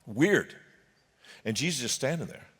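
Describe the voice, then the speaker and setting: A man preaching a sermon as a pastor, telling the story in an animated way with jokes and voices for the characters. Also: fairly high pitch, moderate pace. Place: church sanctuary. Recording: long hall reverb.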